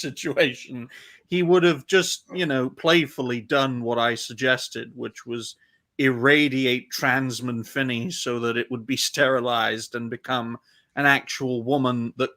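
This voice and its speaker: A man hosting a fan live stream, giving opinionated, ranting commentary in quick bursts. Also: mid-range voice, sharp tone.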